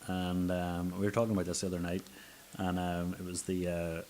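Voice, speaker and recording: A man with a very deep voice hosts a casual chat, swearing freely as he tells his stories. A faint hiss runs under the recording. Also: brisk. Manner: sweary, animated storyteller. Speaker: podcast host.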